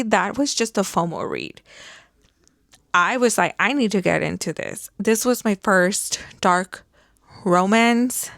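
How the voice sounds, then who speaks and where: A woman's voice: mid-range voice, smooth, no echo, clean studio sound. A woman book vlogger in casual, enthusiastic chat, peppered with fillers and light laughs. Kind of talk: casual reading wrap-up chat.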